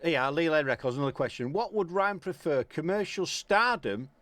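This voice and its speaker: A man's voice: on the high side, lively intonation, normal speed, fairly bright tone, no room sound. A man hosting a radio show, chatting casually with a guest, repeating himself and bantering. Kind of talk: casual interview chat.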